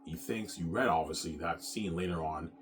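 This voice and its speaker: A man's voice: sits low, moderate pace, music in the background. A man casually rambling about his own novel, stumbling over repeated restarts and swearing freely as he boasts about it.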